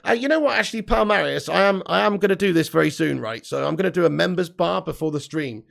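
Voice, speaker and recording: A gravelly, fry-heavy young man from England with a southern English accent hosts a football live stream. His voice sits fairly high for a man. He chats loosely and swears freely as he reads out viewer comments. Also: lively intonation, fast, fairly bright tone. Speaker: football channel host. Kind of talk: live-stream chat reading.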